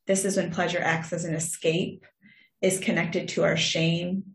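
Woman reading a presentation in an echoey room. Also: on the low side.

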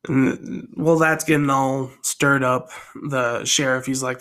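A man casually telling his own story idea aloud, rambling and thinking out loud as he goes. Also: mid-range voice, flat delivery, a little slow, few pauses.

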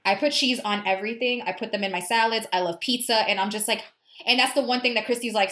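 Animated woman storyteller in a roomy space. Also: on the high side, quick pace. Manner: animated storyteller, acts out quoted dialogue. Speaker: podcast co-host. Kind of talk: casual chat. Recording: roomy echo.

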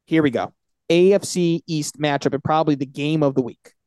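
Male podcast co-host, slightly high, mellow tone, dry close mic, hype-driven picks delivery. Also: brisk, clear, resonant tone, no room sound. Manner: animated, hyping his picks. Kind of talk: casual sports picks chat.

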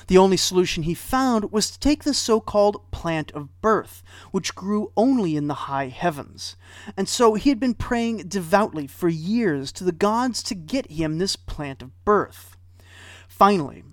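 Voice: mid-range voice, no room sound. A storyteller retelling an old myth with wry asides and dry humor.

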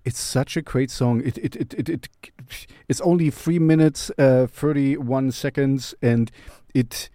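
Slow-talking man hosting a music channel. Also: medium pitch, steady tone, warm tone, no room sound, studio quality. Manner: chatty, playful self-mocking humor. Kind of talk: casual music recommendation.

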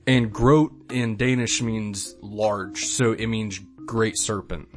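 A man's voice: on the low side, fairly even intonation, slow. A young man co-hosts a podcast in loose, crude chat. He rambles, restarts, and laughs between facts, and there is faint music under his voice. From Florida. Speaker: podcast co-host. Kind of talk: casual chat.

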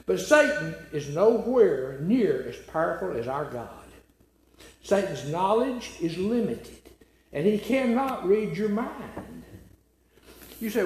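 A male preacher delivering a sermon in a high, lively voice that rises and falls widely. He hammers his points with repeated phrases and rhetorical questions. The sound carries the echo of a roomy hall. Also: slow pace, a little hiss or hum. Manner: emphatic, repetitive, with rhetorical questions. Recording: echoey room.

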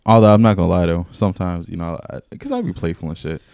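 A young man chatting casually on a podcast, telling an animated story full of slang and frequent laughs. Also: low voice, fast talker, gravelly, no room sound, clean studio sound. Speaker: podcast co-host. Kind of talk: casual chat.

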